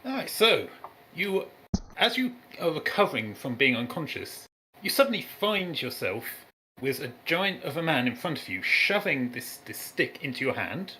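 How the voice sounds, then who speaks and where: A man's voice: a little high, very animated, moderate pace, sharp tone, a little hiss or hum. A man playing a tabletop game, describing his character's actions in a playful, dramatic way. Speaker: player. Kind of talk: tabletop game play and narration.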